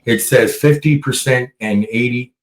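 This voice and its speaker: A man's voice: medium pitch, measured pace, reverberant, low-quality recording. A man with a mid-range voice hosts a laid-back podcast. He talks in a crude, joking way and tells stories with lots of energy. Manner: crude, joking, animated storyteller. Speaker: podcast host. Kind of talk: casual podcast chat.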